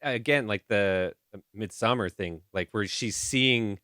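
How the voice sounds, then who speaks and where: A man's voice: lowish voice, unhurried, sharp tone, no echo, clean studio sound. A man co-hosting a casual film review podcast, joking and swearing freely. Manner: profane, joking. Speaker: podcast co-host.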